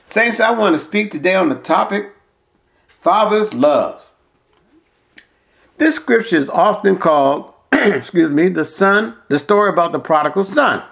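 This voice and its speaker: A man's voice: high voice, animated, measured pace, vocal fry, pauses often, fairly bright tone. A man preaching a sermon, reading scripture and then walking through numbered points with folksy personal asides.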